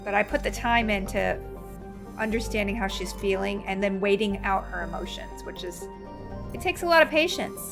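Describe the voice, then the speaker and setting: A woman's voice: medium pitch, normal speed, gravelly, over music. A woman chatting casually while she streams a video game, telling stories and reacting to the play. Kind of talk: casual chat while gaming.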